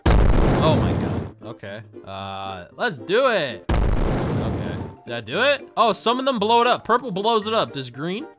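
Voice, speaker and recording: A man's voice: high-pitched, big pitch swings, normal speed, over music. A man giving joking, sarcastic let's play commentary as a gaming YouTuber.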